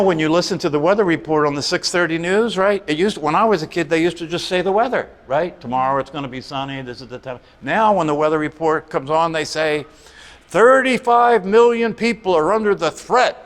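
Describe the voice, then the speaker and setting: A middle-aged man teaching a meditation class in a conversational way, often tossing rhetorical questions to the listeners. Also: a little high. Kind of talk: meditation talk. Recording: long reverb of a hall.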